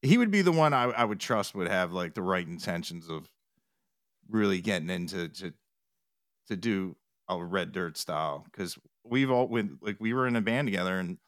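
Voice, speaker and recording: A man's voice: sits low, lively intonation, normal speed, no room sound, studio quality. A man chatting as an interview guest, rambling with restarts and retold quotes. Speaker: podcast guest, TikTok music reactor. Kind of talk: casual interview chat.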